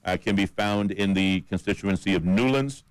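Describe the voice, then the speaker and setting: Deep-voiced Caymanian radio host. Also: male voice, normal speed, clear, resonant tone, no echo, poor audio. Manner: steady list-reading with fillers. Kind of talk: radio talk about election candidates. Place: radio studio.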